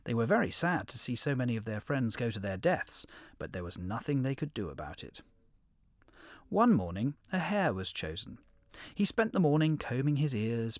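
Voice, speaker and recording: A man narrating an animal fable in an expressive storybook reading. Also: medium pitch, no room sound.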